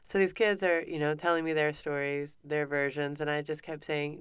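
A woman in her thirties, a podcast host, telling a personal story in a casual, animated way with many restarts. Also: sits low, normal speed, few pauses, clear, resonant tone, dry recording, studio quality. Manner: animated, breathless retelling with many restarts and acted quotes.

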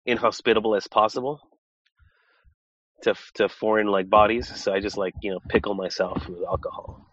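Low-voiced man with a head cold. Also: a little fast, dry recording, lo-fi sound. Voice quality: slightly nasal. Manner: relaxed, joking, many restarts. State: recovering from a cold, congested. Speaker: podcast co-host. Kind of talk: casual chat.

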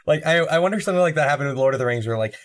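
A podcast co-host in a casual chat, telling stories in a relaxed, amused way. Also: medium pitch, rapid-fire.

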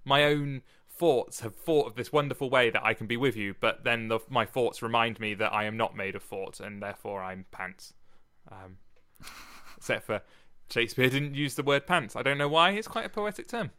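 A man chats on a podcast, jumping from a sonnet to jokes about words. His voice is bright and forward, with a middle pitch, and he rambles in a loose, joking way. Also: moderate pace, clear, resonant tone. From Britain. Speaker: podcast co-host. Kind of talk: casual podcast chat.

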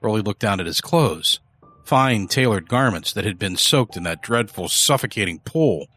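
A man giving a measured, dramatic scripted narration of a horror story. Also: lowish voice, expressive, a bit bright, faint music behind.

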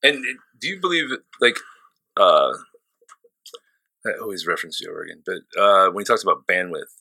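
Emphatic, fired-up podcast man with a bright voice. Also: deep voice, sing-song, normal speed, vocal fry, dry recording. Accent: St. Louis. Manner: motivational, emphatic, swears freely. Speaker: podcast co-host. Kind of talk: casual chat.

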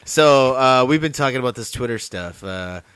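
A relaxed, chatty man co-hosting a film podcast, his voice sitting at a middle pitch. He peppers his talk with "dude" and "you know what I mean". The voice is recorded close and dry. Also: moderate pace, clean tone, no echo. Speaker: podcast co-host. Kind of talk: casual film review chat.

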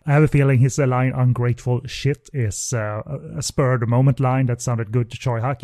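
Male podcast host, relaxed mellow voice, halting casual review talk, dry close sound. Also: mid-range voice, dry recording. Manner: hesitant, many fillers and restarts. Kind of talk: casual film review chat.

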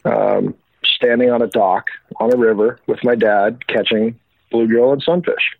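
A man, a former pro hockey player, speaking as a guest and reflecting slowly with many restarts. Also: mid-range voice, steady tone, no room sound. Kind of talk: casual interview chat. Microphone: phone call. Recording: dry, husky phone line.

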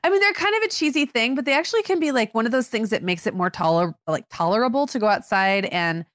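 A woman's voice: fairly high pitch, lively intonation, quick pace, a bit bright, dry recording, clean studio sound. A middle-aged woman from Michigan co-hosting a parenting podcast, chatting casually and filling her talk with "like.". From Michigan, USA. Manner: chatty, many "like" fillers. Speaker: podcast co-host and mother. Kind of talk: casual chat.

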